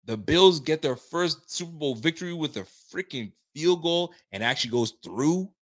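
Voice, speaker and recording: His voice sits a little high and his pace is moderate as he hosts a live stream. He reads comments from viewers, banters with fans in casual slang, swears freely, and gets himself worked up.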